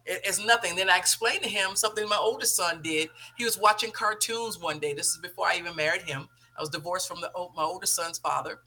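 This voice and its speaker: Bright-voiced woman telling a story. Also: lowish voice, fast, few pauses. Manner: animated storytelling, acting out quoted dialogue. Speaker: talk show host. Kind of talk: storytelling on a talk show.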